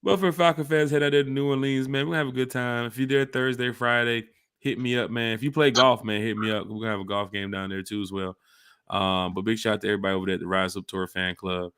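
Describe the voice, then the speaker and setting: A man hosting a casual sports podcast, talking in an animated way that jumps between hype and jokes. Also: mid-range voice, fast talker, clean tone, no echo, clean studio sound. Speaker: podcast host.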